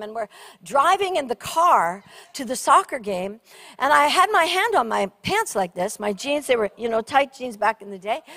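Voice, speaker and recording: A middle-aged woman preacher telling an animated, funny story in a sermon. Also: fairly high pitch. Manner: animated, shrieking during funny story parts.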